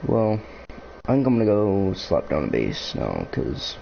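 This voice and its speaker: A man's voice: low-pitched, wildly swooping pitch, measured pace, gravelly. A young man, a YouTuber, rambling casually to the camera, full of fillers and musing asides. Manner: filler-heavy, meandering, musing. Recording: dull lo-fi mic with faint noise.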